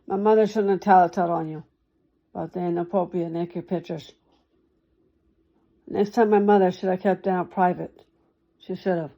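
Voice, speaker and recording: A woman's voice: fairly low pitch, fairly even intonation, normal speed, gravelly, long pauses, highs cut off. A woman talking straight to one listener in a rambling monologue, repeating herself and circling back over the same points.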